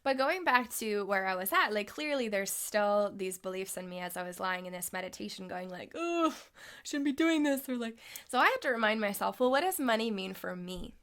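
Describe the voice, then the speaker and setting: A young adult woman speaks straight to camera in a casual, chatty way. She sounds upbeat and keeps checking in with her listener as she goes. Her pitch sits in the middle range for a woman. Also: a little fast, hardly any pauses, fairly bright tone. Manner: chatty, upbeat, lots of "like" and "right?". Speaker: spiritual coach. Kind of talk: casual talking-head vlog.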